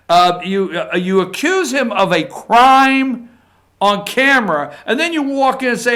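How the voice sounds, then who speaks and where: A man's voice: high voice, expressive, normal speed, bright, forceful tone. A man giving a political opinion monologue as a show regular, emphatic and repetitive, tagging his points with "okay?". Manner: emphatic, repeats points, tags lines with "okay?". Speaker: political commentator.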